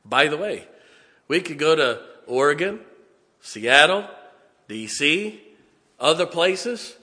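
A man, preaching a sermon in a folksy storytelling way, with punchy asides and slow, stressed points. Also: a little high, animated, bright, forceful tone. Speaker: pastor. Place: church sanctuary. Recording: long church reverb.

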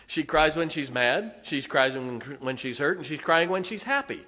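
A pastor preaches an animated sermon in a fairly high voice at a measured pace. He throws rhetorical questions and "amen?" at his congregation, mixing in homely humor.

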